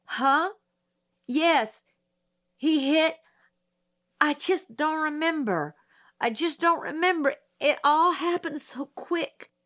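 A woman's voice: medium pitch, lively intonation, a little slow, fairly bright tone. A woman reading an audiobook, voicing a young poor Southern woman on the witness stand who is defensive, flustered and angry. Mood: flustered, tearful. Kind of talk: audiobook character voice.

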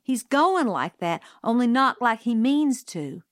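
A woman's voice: a little high, big pitch swings, unhurried, dry recording, studio quality, voice pushed up. A woman reading aloud who voices an anxious, stubborn young boy in a storybook, pleading and insistent. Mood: urgent.

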